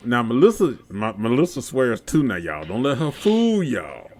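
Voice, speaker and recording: A man's voice: medium pitch, very animated, normal speed, a little mellow. A man co-hosting a podcast, giving short, laid-back replies. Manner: laid-back, brief replies, says y'all. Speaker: podcast co-host. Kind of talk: casual podcast chat.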